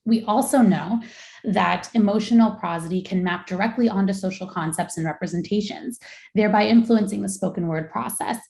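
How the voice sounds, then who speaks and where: Young adult woman researcher, low gravelly voice, measured academic lecture delivery, echoey room. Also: darkish tone. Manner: measured, explanatory. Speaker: researcher giving a talk.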